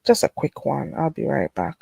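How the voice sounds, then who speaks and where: A woman hosting a casual livestream while getting sick, animated and dropping into patois, swearing and laughing freely. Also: rumbling low, normal speed, gravelly, background noise. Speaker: livestream host.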